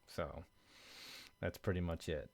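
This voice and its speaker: A man's voice: sits low, steady tone, takes it slowly, a little mellow. Crude joking young male sports host. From Virginia, USA. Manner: crude, joking, reads superchats aloud. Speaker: co-host of sports talk stream. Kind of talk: casual sports chat.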